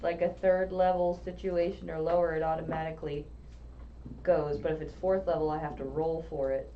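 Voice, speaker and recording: Woman, lowish voice, hesitant player, lo-fi dull sound, faint noise. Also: fairly even intonation, moderate pace. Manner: hesitant, fillers, thinks aloud. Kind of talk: casual chat at a game table.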